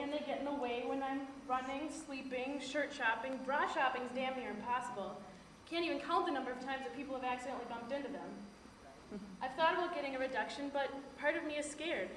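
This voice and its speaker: A woman's voice: high-pitched, fairly bright tone. A woman giving a wry college monologue. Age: young adult. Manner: wry, candid. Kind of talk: stage monologue. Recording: echoey stage recording with faint noise.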